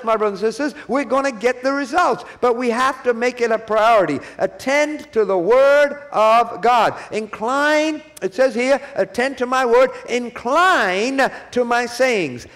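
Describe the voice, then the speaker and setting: A man's voice: very high voice, a bit bright. A man preaching a sermon at a church conference, repeating key phrases and calling for the audience to answer back.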